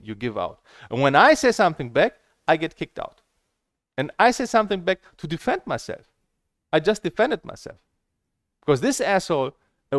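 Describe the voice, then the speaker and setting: Ranting man, pitch jumping all over. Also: no room sound, studio quality. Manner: angry, ranting, with many fillers and restarts. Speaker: streamer. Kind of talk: heated monologue.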